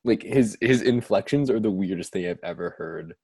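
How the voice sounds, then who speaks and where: A man co-hosting a podcast, chatting casually and telling animated stories. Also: fairly low pitch, moderate pace, breathy edge, no echo, studio quality. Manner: animated storyteller, mimics voices for laughs. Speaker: podcast co-host. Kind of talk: casual chat.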